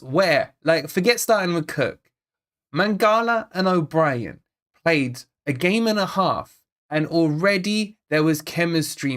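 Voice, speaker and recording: A man's voice: a little high, fairly bright tone. A man hosting a live football watch-along, chatting casually to viewers, rambling and repeating himself as he frets over the team and reads out chat messages. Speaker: fan channel host.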